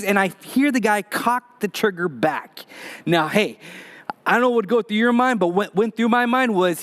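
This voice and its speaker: A man preaching a sermon as pastor, telling a personal story in a lively, conversational way with touches of humor. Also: high-pitched, moderate pace.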